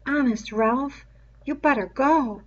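A woman voicing frightened young twin boys who urge a friend to leave in anxious, hushed voices. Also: high-pitched, slow pace, dull audio, pitched above the performer's own voice. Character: frightened boy twins, nervous, urging.

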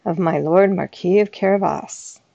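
A woman reading as a sly smooth-talking cat. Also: fairly low pitch, normal speed, mellow, no echo, muffled recording. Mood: smooth flattery. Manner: smooth, persuasive. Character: clever scheming male cat in boots. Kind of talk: storybook reading.

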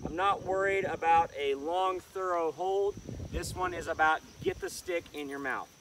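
A man who trains dogs, calmly explaining an outdoor lesson while he works the dog with short commands. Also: high-pitched, moderate pace. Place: outdoors in the countryside. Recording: distant mic with outdoor noise.

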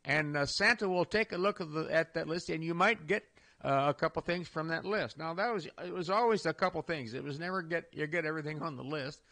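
A man's voice: a little high, fairly quick, vocal fry, pushed and bright. An older man hosting a radio talk show, talking in a folksy, rambling way with many restarts and chuckles. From Iowa. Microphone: studio microphone.

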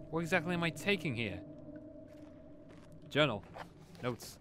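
A man's voice: medium pitch, expressive, takes it slowly, long pauses. A young man casually commenting on a horror game as he plays, talking to himself and calling out at every noise. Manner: jumpy, talks to himself, startled outbursts. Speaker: gamer playing a horror game. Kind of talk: casual let's-play commentary.

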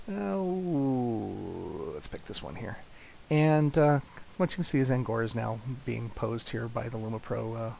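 A man explaining a software demo in a casual walkthrough, with frequent fillers and restarts. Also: mid-range voice, creaky, a little hiss or hum. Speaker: product demonstrator.

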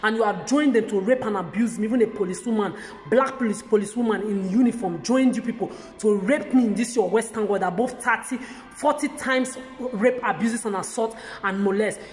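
A woman's voice: medium pitch, brisk, a little mellow. A woman in an agitated vlog rant to camera, talking in heated bursts with stammering restarts and repeated words. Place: lives in the country she describes as where she'll age. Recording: echoey room with long reverb.

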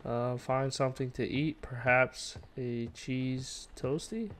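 Over a noisy background, a gaming channel host with a mid-range voice moves slowly through a casual walkthrough. He's excitable and easily startled, swearing mildly whenever something surprises him.

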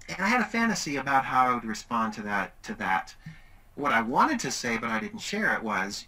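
A man's voice: medium pitch, brisk, low-quality recording. A middle-aged man giving a webinar presentation, telling a story animatedly. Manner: animated, acts out quoted voices.

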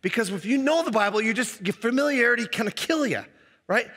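A middle-aged male pastor giving a conversational, animated sermon in a church, acting out the voices he quotes. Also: high-pitched, quick pace, big-room sound. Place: church hall.

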